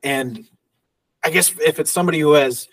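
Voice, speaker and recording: A man's voice: fairly high pitch, moderate pace, a bit bright, no room sound, far from the mic. A man co-hosting a movie podcast in casual chat, rambling and laughing often as he acts out little quotes. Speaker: podcast co-host.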